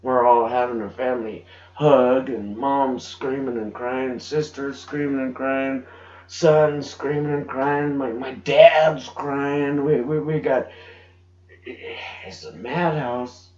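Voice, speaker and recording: A middle-aged man giving an emotional personal testimony, halting and restarting as he speaks. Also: medium pitch, fairly even intonation, a little mellow. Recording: dull roomy home recording.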